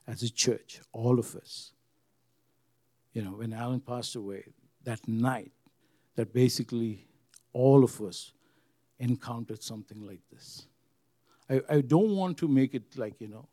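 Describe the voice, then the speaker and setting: An earnest man preaching to his congregation in a mellow, dark voice. He swings between loud emphasis and hushed, quiet lines and repeats his phrases for weight. The sound is close and dry. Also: medium pitch, slow pace, pauses often, no echo. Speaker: pastor. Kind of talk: sermon.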